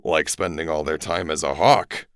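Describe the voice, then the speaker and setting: A man's voice: very deep voice, moderate pace, dry recording, clean studio sound. A man doing a cool, sardonic teenage boy. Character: Marco, wisecracking teenage boy. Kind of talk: solo audiobook acting.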